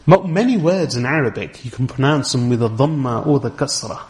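A man giving a religious lecture, explaining slowly and step by step, repeating key terms and reciting Arabic verses fluently. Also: mid-range voice, animated, a little mellow. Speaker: Islamic teacher.

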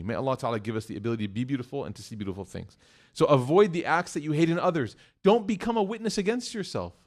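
Animated male preacher telling stories. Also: on the high side. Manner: acts out story voices, animated and joking; earnest exhortation. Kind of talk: storytelling sermon.

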